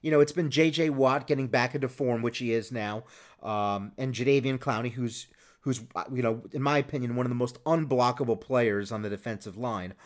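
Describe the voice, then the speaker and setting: A man's voice: mid-range voice, brisk. A man hosting a sports podcast, talking casually and rambling with many restarts and fillers. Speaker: podcast host.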